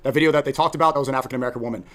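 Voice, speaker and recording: A man's voice: medium pitch, steady tone, racing. A young man in casual chat as a content creator, talking emphatically and animatedly, often repeating words. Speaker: podcast guest, content creator.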